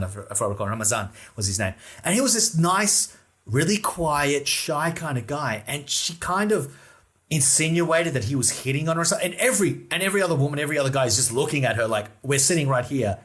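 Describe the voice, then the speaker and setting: A man co-hosting a comedy podcast, telling a story in a lively way and casually swearing. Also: fairly high pitch. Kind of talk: casual chat, anecdote telling.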